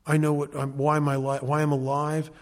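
A man's voice: fairly high pitch, monotone, moderate pace. A man speaking at a recovery meeting, telling his personal story in an earnest, emphatic way with flashes of wry self-mocking humor.

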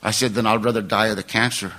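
An older man stands before a recovery meeting and tells a long, painful story from his own life. His voice is bright and forceful. He rambles and laughs at himself. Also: lowish voice, steady tone, quick pace. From California.

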